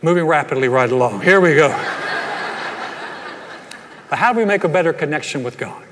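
A pastor delivers a sermon, his voice pitched a little high. He talks in a folksy, storytelling way, doubling up words as he goes. The sound carries a long reverb, as if recorded in a big church hall. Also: expressive, racing, noisy background.

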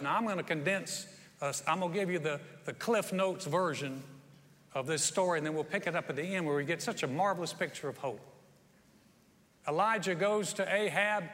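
Folksy preacher, bright voice in a hall. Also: male voice, high voice. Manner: folksy storytelling, acts out quotes with rising energy. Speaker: pastor. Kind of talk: sermon. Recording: long hall reverb.

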